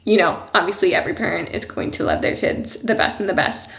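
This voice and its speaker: A woman chatting through a personal vlog in an easy, rambling way, full of "like" and "you know", with soft laughs between thoughts. Her voice sits at an ordinary middle pitch. The sound carries a noticeable room echo. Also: fast talker, vocal fry. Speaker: vlogger, mother of a young child. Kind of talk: casual personal vlog talk. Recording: roomy echo.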